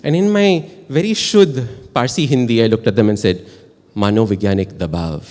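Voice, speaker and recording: A man with an Indian English accent telling a personal story at a live storytelling show, chatty and animated, often asking the audience questions. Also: mid-range voice, moderate pace, in a large hall, slight background noise. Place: stage in a performance hall.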